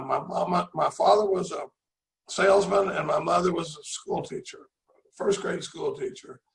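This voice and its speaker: A man's voice: on the high side, creaky, reverberant, slight background noise, poor audio. A middle-aged man giving a rambling, folksy recovery talk over a video call, often repeating his words. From Dallas, Texas. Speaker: recovery meeting speaker.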